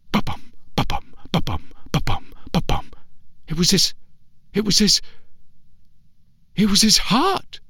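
A man's voice: high-pitched, dry recording, studio quality. A man narrating a children's story expressively, imitating sounds with his voice. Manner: expressive, imitates sounds, slow and hushed at times.

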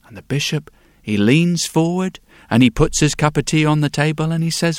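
A man telling a folk tale in an unhurried way, pausing for effect and giving the characters their own voices. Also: a little high, dry recording, clean studio sound. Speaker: storyteller.

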